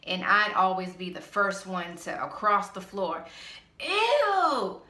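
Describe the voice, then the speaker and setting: A woman's voice: fairly low pitch, steady tone, a little slow, bright, forceful tone, roomy sound. A woman vlogger ranting bluntly with a slightly nasal voice, sassy and exasperated. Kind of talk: ranting vlog.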